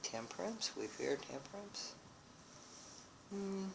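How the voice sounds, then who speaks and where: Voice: medium pitch, lively intonation, takes it slowly, vocal fry, background noise. A tarot reader working through a card spread, thinking aloud with restarts and often exclaiming in wonder. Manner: musing, with frequent exclamations of wonder.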